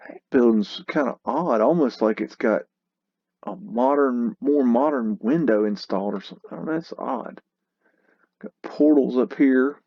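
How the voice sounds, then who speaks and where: A man's voice: medium pitch, measured pace, no room sound, muffled recording. A man hosting a casual commentary over old photos, scoffing and exclamatory, with a mocking edge. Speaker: host.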